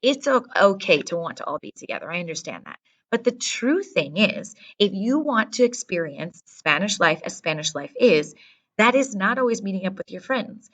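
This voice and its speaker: Female teacher, firm and direct, mid-pitched voice, distant mic pickup. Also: sing-song, normal speed, a bit bright. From American Midwest. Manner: direct, instructive, often checks in with "okay?". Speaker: Spanish teacher. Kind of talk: classroom briefing to students.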